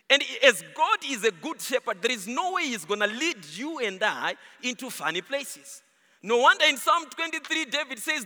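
A man's voice: very high voice, moderate pace. A man preaching a sermon in a church, rising and falling, at times half-singing his emphasis. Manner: animated, rises and falls, half-sung emphasis. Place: church hall. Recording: long reverb of a large hall.

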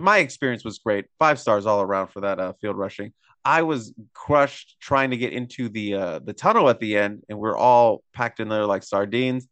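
A man's voice: fairly low pitch, fairly bright tone, no room sound. A man hosting a casual sports podcast, telling rambling jokey stories. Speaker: podcast host.

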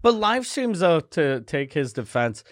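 A man's voice: a little high, big pitch swings, a little slow, no echo, clean studio sound. A man co-hosting a podcast who drops joking, teasing remarks into the chat. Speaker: podcast co-host. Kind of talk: casual podcast banter.

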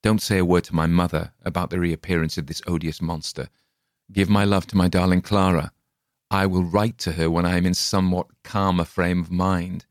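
A man with a very low voice reads the tale aloud in a measured, grave manner. The sound is dry and close, with no room around it. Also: no room sound. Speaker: audiobook reader. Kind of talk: scripted narration.

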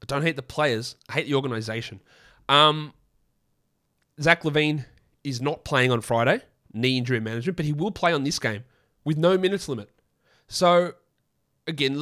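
A hoarse man hosts a solo fantasy basketball podcast in a middle-pitched voice. He talks in a loose, opinionated ramble and often stops to correct himself mid-sentence. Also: a bit bright. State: hoarse from a lost voice.

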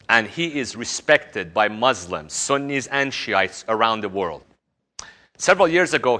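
A man giving a recorded course lecture, teaching in an animated way. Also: medium pitch. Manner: animated teaching, slips into exaggerated voices when quoting others.

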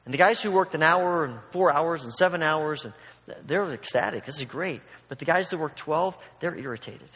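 A man preaching a sermon, telling a story with animated asides and acting out the quoted voices. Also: a little high, moderate pace. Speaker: pastor. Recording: long hall reverb.

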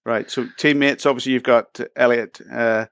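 A man's voice: mid-range voice, fairly even intonation, moderate pace, a bit bright, clean tone, no echo. Male podcast host, chatty and friendly, mid-range voice, dry close sound. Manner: chatty, laughs easily, friendly questioning. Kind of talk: casual podcast interview.

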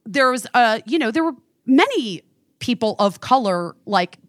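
A young woman tells a story in relaxed chat, swearing freely and throwing herself into the voices of the people she quotes. Her voice sits a little high. The sound is close and dry, with no room around it. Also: measured pace, no echo. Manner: profane, animated, acts out quoted dialogue. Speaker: storyteller on a talk show.

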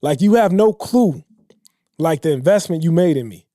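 A man with a high but dark, mellow voice tells a personal story in easy, casual speech. His voice sinks low and soft whenever he quotes someone else. It is recorded close and dry, with no room sound. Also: expressive, normal speed, no echo. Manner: emotional, drops low and quiet when quoting others. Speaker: podcast guest.

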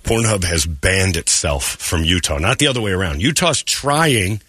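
A man's voice: sits low, expressive, normal speed, pushed and bright, breathy edge, no echo. A man hosting a morning radio show, telling stories in crude, joking, casual talk on a studio microphone.

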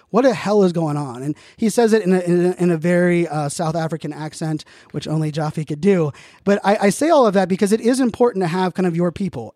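A man's voice: high-pitched, a little mellow, no echo, studio quality. A man hosting a podcast, talking casually and rambling, with lots of fillers and restarts. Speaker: podcast host. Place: Phoenix, Arizona area.

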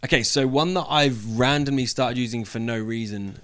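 A young British man talking casually as an interview guest, joking and pausing often with "um". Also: medium pitch, a bit bright. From United Kingdom. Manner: chatty, jokey, many "um" pauses.

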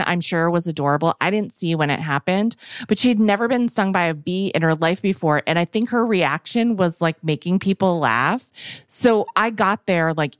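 A woman's voice: medium pitch, no echo, studio quality. A middle-aged woman co-hosting a podcast in casual chat, telling a long story and acting out what her friends said. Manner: animated storyteller, acts out quoted friends. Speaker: podcast co-host.

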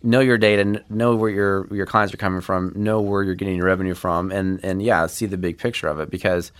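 Midwest agency guy on a podcast, real low voice, earnest and encouraging. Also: level tone, a little fast. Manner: earnest, encouraging, talks in restarts. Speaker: agency guest. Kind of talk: casual podcast interview.

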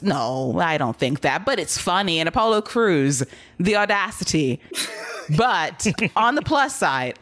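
A man's voice: fairly high pitch, fairly bright tone, no room sound. A man hosting a podcast, recapping wrestling in casual, profane, sarcastic chat. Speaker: podcast host.

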